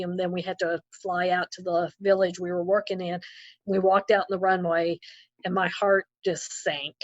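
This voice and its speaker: Brief: a woman guest, a missionary, who tells animated stories over a slightly muffled video call, mid-pitched. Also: dry recording. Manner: lively storyteller acting out her own remarks. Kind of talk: casual interview. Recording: slightly dull lo-fi audio.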